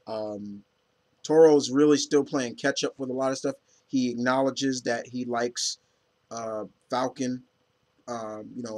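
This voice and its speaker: A man's voice: mid-range voice, darkish tone. A man giving a casual spoken review of comics in a rambling, opinionated, fan-like way.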